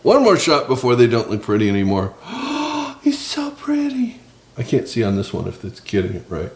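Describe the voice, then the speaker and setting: A man's voice: on the low side, lively intonation, quick pace, echoey room. A man hosting a casual cooking vlog from his small home kitchen, chatting and joking with viewers. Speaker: cooking channel host. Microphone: several cameras on the counter.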